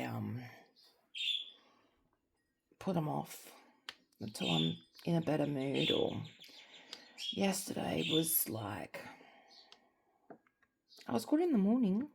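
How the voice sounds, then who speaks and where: An Australian woman chatting candidly at home while crafting, rambling and sometimes sinking to a soft near-whisper. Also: a bass voice, vocal fry, slight background noise. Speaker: crafting vlogger. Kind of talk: casual chat while crafting.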